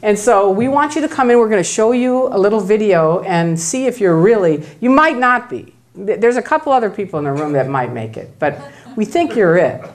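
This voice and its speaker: A pushy female recruiter who coaxes and flatters, as a woman speaker acts her out. Her pitch swings a lot as she pours on the praise. She speaks at a middle pitch for a woman. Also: fairly quick, natural voice. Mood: coaxing flattery. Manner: coaxing, flattering.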